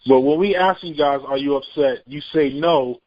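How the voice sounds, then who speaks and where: Higher-voiced teasing male podcast host. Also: normal speed, highs cut off. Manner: teasing, asks the questions. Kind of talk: casual chat.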